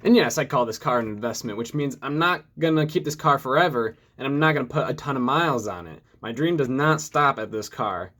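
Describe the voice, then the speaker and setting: A man in his mid-twenties from Metro Detroit, hosting a casual vlog and telling his story to camera in an upbeat, steady way. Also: medium pitch, brisk, hardly any pauses. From Metro Detroit, USA. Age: 20s. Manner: upbeat, energetic greeting, then steady storytelling. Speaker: vlogger.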